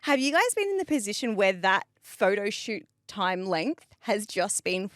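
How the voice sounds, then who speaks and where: A woman's voice: medium pitch, lively intonation, unhurried, no room sound, studio quality. A woman, a podcast producer chatting casually and laughing often. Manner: laughing, playful. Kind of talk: casual chat.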